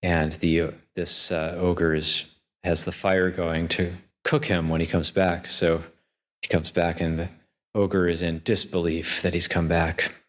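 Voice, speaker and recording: A man, a monk, telling a story in a Dhamma talk in an unhurried, conversational way. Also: sits low, level tone, a bit bright. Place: monastery hall.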